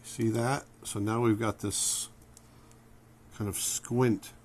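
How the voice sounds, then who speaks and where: A man with a lowish voice talks through a drawing lesson as he works. He is relaxed and thinks aloud, naming each stroke as he makes it. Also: slow pace, a little hiss or hum. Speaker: drawing instructor. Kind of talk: drawing tutorial narration.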